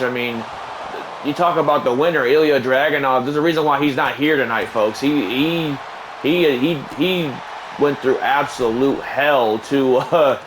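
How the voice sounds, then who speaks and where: Excitable man calling wrestling play-by-play. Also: medium pitch, slight background noise, poor audio. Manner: excitable, bursts louder on big moves. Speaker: host commentating a wrestling video game.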